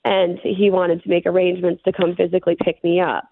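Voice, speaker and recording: A woman's voice: on the low side, level tone. A middle-aged woman, an interview guest, earnestly recounting a personal ordeal with many fillers. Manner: earnest, rushed storytelling with fillers. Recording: dry, thin phone-line sound.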